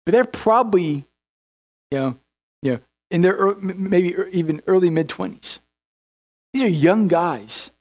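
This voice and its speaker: A man's voice: high-pitched, expressive, measured pace, pauses often. A man preaching a sermon as pastor, in a folksy, conversational way full of restarts, acting out the figures he quotes. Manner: acts out biblical figures in quoted voices.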